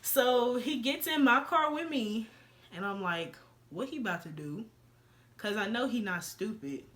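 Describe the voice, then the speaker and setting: Animated young woman telling a story. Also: on the high side, a little slow. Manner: animated, slangy, acts out quoted dialogue. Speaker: vlogger. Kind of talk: casual storytime.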